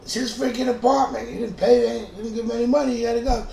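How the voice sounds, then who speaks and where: A man's voice: very high voice, steady tone, rapid-fire, creaky, mellow, pitched above the performer's own voice, full character voice. A man voicing a blunt, exasperated male police officer in a told story. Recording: echoey room, distant mic, faint noise.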